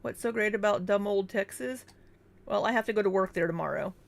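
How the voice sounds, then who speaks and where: A young woman chats with her livestream audience in a relaxed, casual way. She reads out viewer names and thanks them one after another. Her replies come with frequent, easy laughter. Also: medium pitch, a little fast, vocal fry. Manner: laughs often between chat replies. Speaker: livestream host. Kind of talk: casual livestream chat reading.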